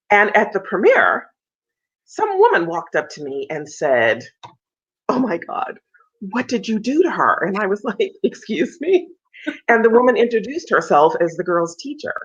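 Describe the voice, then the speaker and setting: Animated woman telling a long story. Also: on the low side, breathy edge. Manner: animated storyteller, acts out quoted lines in a raised voice. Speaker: soprano, interview guest. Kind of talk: storytelling in an interview. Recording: dull lo-fi sound.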